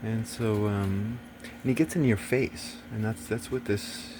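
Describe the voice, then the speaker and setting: A man's voice: lowish voice, steady tone, unhurried, background noise. A man talking in a rambling casual monologue, swearing often and turning agitated and preachy.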